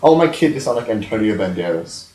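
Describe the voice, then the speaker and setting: A man's voice: lowish voice, sing-song, fast talker, warm tone. A man in his twenties hosting a casual podcast chat, joking and laughing often. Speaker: podcast host. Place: home room. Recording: echoey room.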